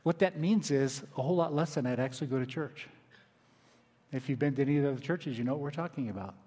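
A man's voice: medium pitch, fast talker, husky. Conversational male pastor in a reverberant hall. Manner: conversational, dynamic preaching with quiet emphatic drops. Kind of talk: sermon. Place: church sanctuary.

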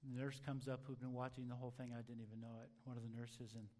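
Man giving an earnest, halting testimony. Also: completely flat delivery. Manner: earnest, halting, with soft low passages. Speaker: testimony speaker. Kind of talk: personal testimony storytelling.

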